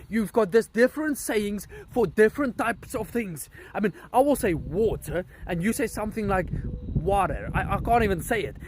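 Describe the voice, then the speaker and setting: A man's voice: very high voice, a little hiss or hum. A man living in America, talking animatedly and teasingly straight to his viewers. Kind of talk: casual vlog to camera.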